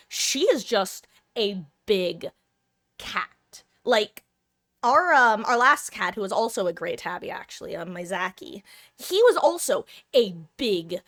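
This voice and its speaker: A woman's voice: on the high side, a bit bright, no room sound, studio quality. A young adult woman from Southern California, streaming and chatting casually with viewers in a rambling, self-deprecating way with casual swearing.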